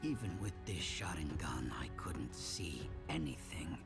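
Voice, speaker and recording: A bitter, brooding young man in a game cutscene. His voice is very deep and swings widely, with slow, heavy delivery over loud music. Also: lively intonation. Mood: despairing whisper. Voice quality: low, hushed whisper at times.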